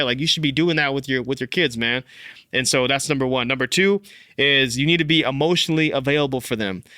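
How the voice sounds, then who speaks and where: A young man hosting a fatherhood podcast, telling a personal story in casual, animated speech full of "like" and "bro.". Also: medium pitch, clean tone, dry recording, clean studio sound. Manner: animated, filler-heavy, says "like" and "bro" often. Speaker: podcast host.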